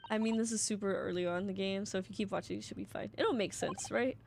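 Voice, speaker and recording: A woman's voice: medium pitch, steady tone, quick pace, vocal fry, hardly any pauses, a little mellow, slight background noise. Chatty young woman streamer. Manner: chatty and giggly. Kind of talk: casual live-stream commentary.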